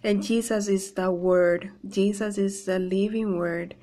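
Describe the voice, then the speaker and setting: A woman reading a psalm aloud and then explaining it in an earnest, halting devotional talk full of fillers and restarts. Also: mid-range voice, fairly even intonation, mellow. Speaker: Bible devotional speaker.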